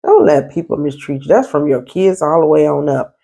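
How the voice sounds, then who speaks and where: This woman has a deep, creaky, warm voice and a brisk delivery. A therapist and life coach, she speaks directly to viewers from her apartment in a casual advice vlog, sounding stern and emphatic.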